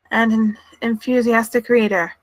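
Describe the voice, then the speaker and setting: A nervous woman witness testifies in a tabletop game, her words halting and drawn out slowly. A woman acts her out with a slightly high voice. The sound is dry and close. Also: dry recording, low-quality recording. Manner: hesitant, halting. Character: timid adult woman witness on the stand.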